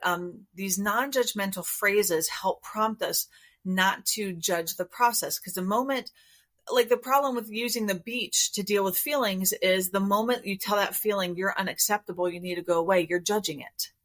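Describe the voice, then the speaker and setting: A woman therapist, a guest on a podcast interview, explaining her approach in a calm, measured way. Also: mid-range voice. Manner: calm, measured, explanatory, acts out inner voices.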